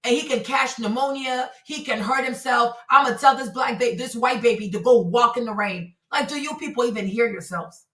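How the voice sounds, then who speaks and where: A woman's voice: on the high side, normal speed, fairly bright tone. A woman in her forties giving heated live-stream commentary. She talks emphatically and confrontationally, and she keeps repeating rhetorical questions. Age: 40s. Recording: roomy sound from a distant mic.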